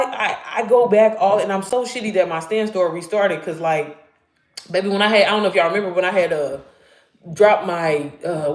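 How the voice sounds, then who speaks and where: In a roomy-sounding live stream, a thirtysomething woman talks casually about faith and digital marketing. Candid and prone to swearing and laughter, she swoops up high whenever excitement takes over.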